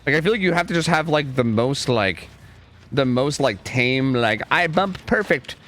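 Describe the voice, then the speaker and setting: A man's voice: medium pitch, normal speed, fairly bright tone. Rambling young male game streamer. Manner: rambling, lots of filler "like", swears when frustrated. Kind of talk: casual live gameplay commentary. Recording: clear background noise under the voice.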